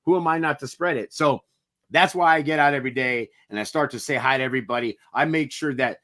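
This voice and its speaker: A man's voice: medium pitch, quick pace, sharp tone. Earnest motivational podcast man. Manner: earnest, reflective, occasional mild swearing. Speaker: podcast co-host. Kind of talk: casual motivational chat.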